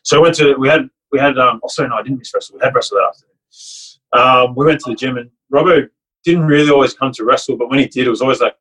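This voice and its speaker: Husky-voiced man telling a story. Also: mid-range voice, fast talker, fairly bright tone, rough recording. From Fiji. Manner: rambling and heartfelt, many restarts and "like". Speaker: guest, rugby league player and coach. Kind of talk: casual storytelling chat.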